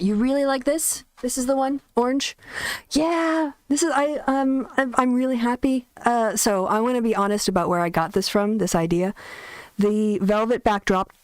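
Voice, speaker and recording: A woman's voice: a little high, no room sound. A woman hosting a casual livestream from her bedroom, chatting in a rambling way and laughing often. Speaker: host. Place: bedroom, sitting on bed. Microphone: soundproofed desk mic.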